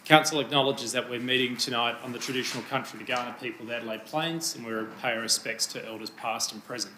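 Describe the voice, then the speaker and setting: A man runs a council committee meeting with brisk, polite procedure. His voice is bright and forward. The roomy chamber adds a noticeable echo, with faint ambience behind him. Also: mid-range voice, fairly even intonation, slight background noise. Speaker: committee chair. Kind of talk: formal meeting chairing.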